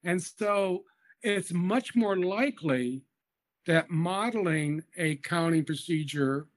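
A man's voice: high voice, lively intonation, slow. A man being interviewed as an education expert, explaining methodically and patiently with small hesitations.

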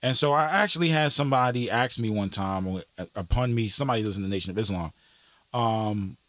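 Podcast host, male, low and dry, earnest and conversational, rises when making a point. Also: brisk, fairly bright tone, no room sound. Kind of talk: casual history discussion.

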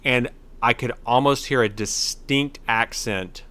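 A man's voice: medium pitch, unhurried, pushed and bright. A man co-hosting a podcast, chatting casually and rambling a bit with restarts. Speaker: podcast co-host. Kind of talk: casual chat.

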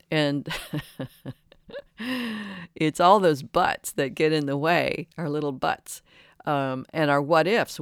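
A person in their sixties giving a reflective spiritual talk, earnest and halting, often restarting and correcting themselves. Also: medium pitch, clear, resonant tone, no room sound, clean studio sound. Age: 60s.

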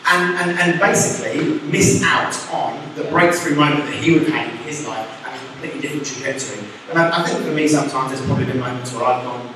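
A man's voice: a little high, fast, few pauses, slight background noise. A young man preaching a casual, chatty sermon, acting out quotes as he goes. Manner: chatty, animated, acts out quotes. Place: church hall. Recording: echoey hall from far off.

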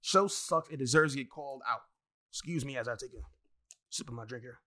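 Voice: medium pitch, a little fast, sharp tone. A wrestling fan in a casual, profane rant full of exasperated asides and heavy swearing.

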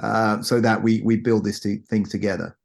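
A man's voice: fairly low pitch, level tone, moderate pace, gravelly, a little mellow. A man hosting a business podcast, affirming his guest and repeating phrases for emphasis. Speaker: podcast host. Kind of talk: interview hosting.

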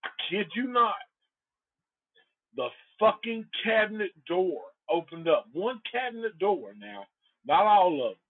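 A man's voice: high-pitched, a little slow, husky. Male podcast host, loose and profane, tells stories animatedly; lo-fi phone-quality audio. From Antioch. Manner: profane, rambling, animated storyteller. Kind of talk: casual storytelling.

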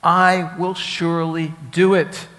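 Preacher, male, somewhat high voice, emphatic and repetitive, questions the flock; long hall reverb. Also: flat delivery, slow pace, fairly bright tone. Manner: teaching with Hebrew words, asks the congregation questions; emphatic, repeats key phrases. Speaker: rabbi. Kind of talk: sermon.

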